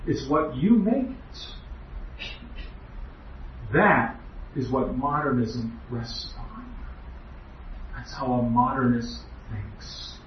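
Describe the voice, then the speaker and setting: A man's voice: medium pitch, drawn-out words, long pauses, slight background noise. A man giving an earnest, emphatic doctrinal lecture as a preacher, with rhetorical questions. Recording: echoey hall, distant, muffled.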